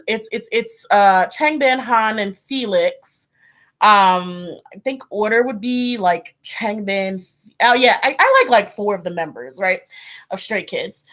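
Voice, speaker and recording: A woman's voice: mid-range voice, fairly bright tone. A woman hosting a tarot channel, rambling in casual livestream chat, with fillers, laughs and acted-out reactions. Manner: acts out her own reactions in quoted voices. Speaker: tarot reader hosting a live stream.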